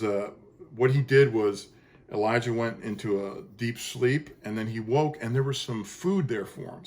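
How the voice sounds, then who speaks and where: A man, a composer, talks casually and earnestly about how he made his choral piece, wandering through asides with many fillers and restarts. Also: mid-range voice. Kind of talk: casual spoken explanation.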